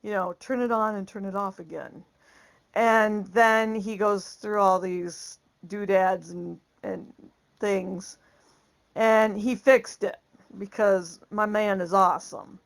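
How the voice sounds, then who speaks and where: A woman's voice: medium pitch, fairly even intonation, slow pace, creaky. A woman vlogger telling a casual story, laughing often and acting out the lines she quotes.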